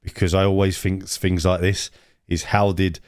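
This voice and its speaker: Low-pitched man, casual podcast chat, rambling, restarts, dry mic. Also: little pitch movement, normal speed, no room sound. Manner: rambling, many restarts and stumbles. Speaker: podcast co-host. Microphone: own mic, remote.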